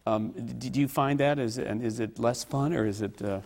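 A man's voice: mid-range voice, normal speed, creaky, darkish tone. A man moderating a panel, asking questions hesitantly. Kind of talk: panel discussion.

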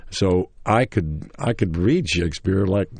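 An older man with a Tennessee accent speaks a little slowly in a low, darkish voice with vocal fry, a breathy edge, and lively intonation, with no room sound. Interviewed about his early acting days, he tells a long, rambling tale with restarts and chuckles, voicing quoted lines with more energy.

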